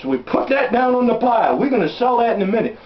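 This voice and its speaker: A man's voice: very high voice, animated, fast, noisy background. A man playing a crude, blustering backwoods salesman who rambles and curses while hawking junk, in a comic home-video sketch. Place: indoors at home. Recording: roomy, dull home camera audio.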